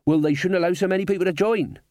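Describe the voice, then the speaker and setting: A bossy young bandleader, as a man puts him on, pitched well above the reader's voice, sneering and self-important. The sound is dry and close, with no room around it. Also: quick pace, darkish tone, no room sound, close to an everyday voice. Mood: snide. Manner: sneering, quoting his father.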